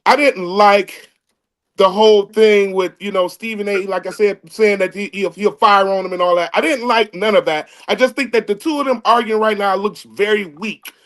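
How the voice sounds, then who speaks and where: A man's voice: sits high, normal speed. A man arguing in a casual podcast debate over a video call, restarting his words often. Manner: animated, stammering restarts. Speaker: comedian panelist. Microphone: remote video call.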